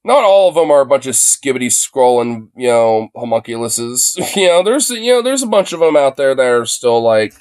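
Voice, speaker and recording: A man's voice: medium pitch, big pitch swings, normal speed, hardly any pauses, a little mellow, dry recording, studio quality. A young man streaming from his phone, reacting to a video in a loose, profane rant full of fillers. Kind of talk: casual ranting commentary.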